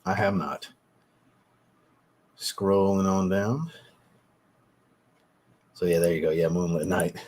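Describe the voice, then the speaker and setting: A man's voice: low voice, fairly even intonation, takes it slowly, pauses often, darkish tone, breathy edge. A man hosting a casual livestream, chatting with viewers and thanking them, laid-back and swearing now and then. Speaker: livestream host, fragrance reviewer. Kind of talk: casual livestream chat reading super chats.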